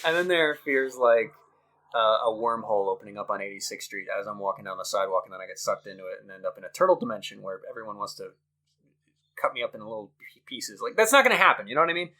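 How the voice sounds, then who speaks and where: Lively, laughing male podcast host. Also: lowish voice, quick pace. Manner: rambling, laughs often, swears. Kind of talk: casual podcast chat.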